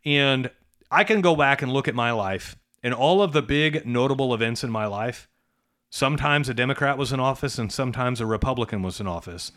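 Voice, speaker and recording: A man's voice: mid-range voice, brisk, a bit bright. A middle-aged man co-hosting a casual business podcast, talking emphatically and tagging points with "right?". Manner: conversational, emphatic, rhetorical "right?" tags. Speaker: podcast co-host, trades business coach.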